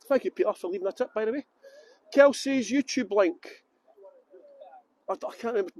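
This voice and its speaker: A man's voice: high-pitched, a little mellow. Chatty Scottish man guiding a tour. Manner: chatty, rambling, reads viewer comments aloud. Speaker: tour guide. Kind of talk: live walking tour, casual chat. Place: outdoors on a waterfront.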